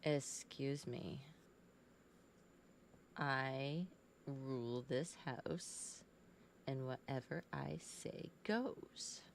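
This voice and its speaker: A woman voicing her bossy female pet cat, who demands treats in a slow, imperious way. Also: extremely low pitch, creaky, slight background noise, full character voice.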